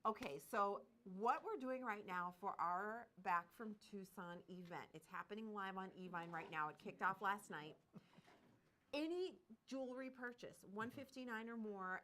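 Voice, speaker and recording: A woman hosting a live shopping stream, bubbly and quick to laugh, with lively sales patter. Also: mid-range voice, a little hiss or hum. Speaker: shopping channel host.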